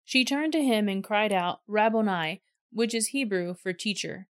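Steady woman reading scripture aloud. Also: mid-range voice, normal speed, smooth, dry recording, clean studio sound. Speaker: reader. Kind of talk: scripted narration.

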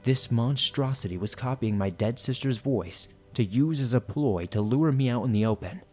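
A man's voice: medium pitch, lively intonation, moderate pace, warm tone, faint music behind. A man reading listener horror stories aloud in a suspenseful storytelling manner.

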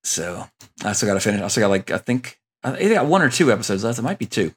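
A man's voice: fairly low pitch, big pitch swings, fast talker, husky. Rambling male podcast host. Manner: rambling, many fillers and restarts. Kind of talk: casual movie podcast chat.

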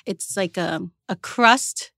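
Lively storytelling woman on a dry mic. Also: medium pitch, slow pace, gravelly, no echo. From Vietnam. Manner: lively anecdotal, acts out quotes, casual swearing. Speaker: chef and restaurant owner, guest. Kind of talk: casual storytelling interview.

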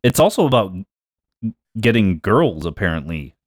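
Man, low voice, casual podcast co-host, dry close mic, laughs a lot. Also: big pitch swings, moderate pace, dry recording. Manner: laughs often, reads lyrics aloud.

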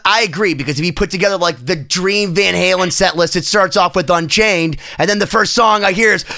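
A man co-hosting a podcast, telling stories in an excited, rambling casual chat. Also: high-pitched, fairly quick, creaky, heavy background noise. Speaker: podcast co-host.

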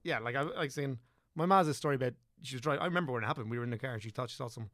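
A man's voice: medium pitch, very fast, a bit bright, no echo, clean studio sound. A young Irish man chatting casually as a podcast guest, rambling and correcting himself as he goes.

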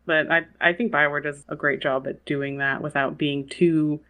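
A woman's voice: low-pitched, steady tone, moderate pace, pushed and bright. A woman in casual podcast chat, talking in a chatty way and laughing between points.

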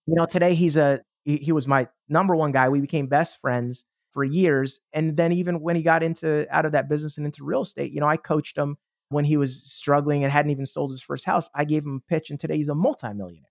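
A man who is a motivational speaker, telling a story as a podcast guest in an animated, enthusiastic way, acting out the dialogue. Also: a little high, quick pace, creaky, dry recording, studio quality. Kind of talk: casual storytelling.

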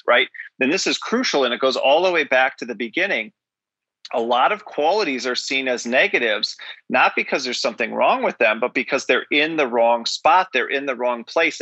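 A talkative man answers interview questions with bright, forceful energy, tumbling through restarts as he tells his stories. His voice is dry and close, but the line sounds a bit dull and lo-fi. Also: mid-range voice, no echo. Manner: animated, talkative, restarts phrases. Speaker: guest speaker and author. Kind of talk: conversational interview storytelling.

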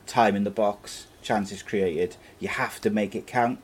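A man's voice: lowish voice, steady tone, measured pace, few pauses, husky. A man giving his views as a football pundit in casual chat, earnest and with frequent fillers and restarts.

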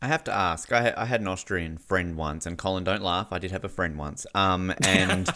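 A man's voice: low-pitched, moderate pace, bright, forceful tone. Jokey male interview host. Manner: jokey, stumbling restarts, laughs often. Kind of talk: casual interview.

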